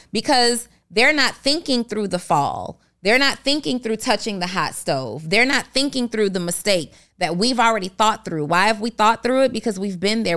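A woman's voice: medium pitch, fairly bright tone. A woman co-hosting a podcast, talking in an earnest coaching way and working through examples step by step. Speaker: podcast co-host. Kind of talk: motivational podcast talk.

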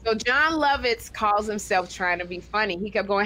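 A woman co-hosting a talk show, telling a story in a lively, casual way and acting out other people's voices as she goes. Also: on the high side, moderate pace, few pauses, slight background noise.

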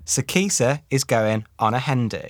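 A man's voice: medium pitch, lively intonation, no room sound. Chuckling man rambling a story. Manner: rambling, chuckling, dramatic slow emphasis. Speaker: comedian retelling a story. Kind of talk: casual storytelling.

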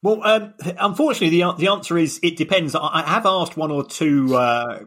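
A man's voice: fairly high pitch, fairly quick, fairly bright tone. A man co-hosting a podcast, explaining finance in a hesitant way, often repeating his words. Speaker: podcast co-host, finance analyst.

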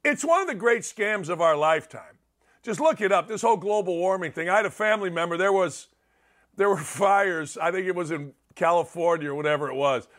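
A man's voice: high-pitched, fairly quick, a bit bright. A middle-aged man hosting a talk show, delivering a brash, sarcastic, rambling opinion monologue.

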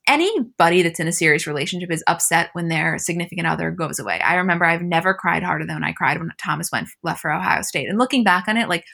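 A young woman co-hosts a casual podcast recap and tells the scenes with a bright, forceful voice. She acts out the quotes animatedly, with her voice lifting when she plays the people in them. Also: lowish voice, vocal fry. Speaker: podcast co-host. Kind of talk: casual chat recapping a reality show.

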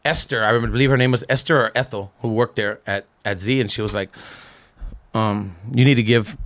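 A middle-aged man telling animated, slangy stories as a podcast guest, acting out the people in them. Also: lowish voice, a little fast. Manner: animated, slangy storytelling full of quoted voices. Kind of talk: casual storytelling.

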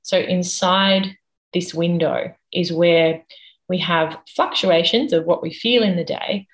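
A woman guest expert speaking in an interview, explaining at a measured, patient pace and working through ideas step by step. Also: lowish voice, rough recording. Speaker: guest expert on the nervous system.

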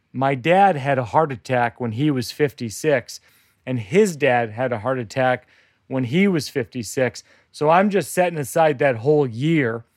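A man, the show's host, telling a self-deprecating comic story in a deadpan way. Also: a little high, no echo, clean studio sound. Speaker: podcast host. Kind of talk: comedic storytelling.

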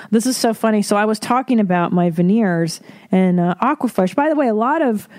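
Candid, profane woman podcast host. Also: mid-range voice. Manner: candid, profane, animated storytelling. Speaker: mother. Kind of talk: casual solo podcast chat.

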